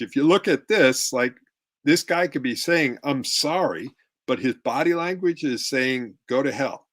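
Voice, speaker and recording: A middle-aged man giving a relationship workshop talk with slides, acting out tones of voice to make his points. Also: medium pitch. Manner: demonstrative, acts out tones of voice. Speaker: relationship coach.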